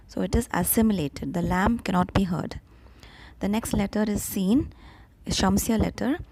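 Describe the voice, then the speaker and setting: A woman's voice: mid-range voice, a little slow, darkish tone, husky. A woman teaching an Arabic grammar lesson, patiently repeating each example word with small fillers. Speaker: Arabic tutor. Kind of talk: step-by-step language lesson.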